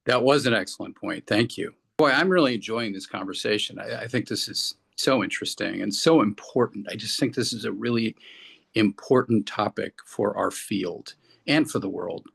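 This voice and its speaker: A man's voice: lowish voice, normal speed, vocal fry, fairly bright tone, slightly rough. A man co-hosting a business podcast, talking earnestly and restarting his sentences often. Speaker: podcast co-host. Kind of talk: casual discussion.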